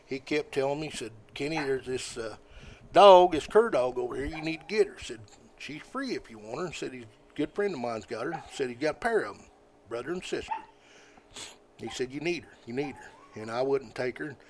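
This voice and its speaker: An older man, a podcast guest telling stories in a folksy, rambling way, often halting with fillers. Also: mid-range voice, lively intonation. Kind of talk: casual storytelling.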